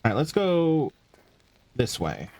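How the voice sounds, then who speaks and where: A man's voice: mid-range voice, wildly swooping pitch, takes it slowly, darkish tone, no room sound. A tired young man talking casually to himself while streaming a game, mumbling and swearing now and then. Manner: drowsy, yawning, mutters to himself, swears casually. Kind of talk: casual gameplay commentary.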